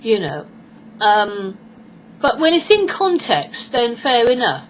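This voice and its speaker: British woman, forties, rambling casual vlogger, bit of a higher voice. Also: big pitch swings, slow, slight background noise, low-quality recording. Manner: chatty and rambling, acts out quoted voices. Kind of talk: casual monologue vlog.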